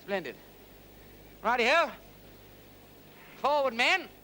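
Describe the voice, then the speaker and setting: An actor playing a breezy lord and gentleman detective, with a clipped, jaunty aristocratic manner, in a 1970s TV crime drama. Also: extremely high pitch, big pitch swings, slow, full character voice. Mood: breezy commanding. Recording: 1970s TV film sound, light hiss.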